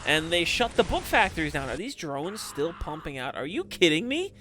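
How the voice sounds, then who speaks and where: A young man giving casual, rambling commentary on a strategy game, often breaking into excited exclamations. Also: fairly high pitch, moderate pace, a little hiss or hum. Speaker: game caster.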